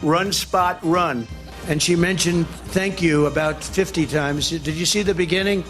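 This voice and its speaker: A man's voice: a little high, fairly even intonation, unhurried, raised voice, music in the background. An older man giving a rally speech, mocking and repetitive, with heavy emphasis. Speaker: political speaker at rallies.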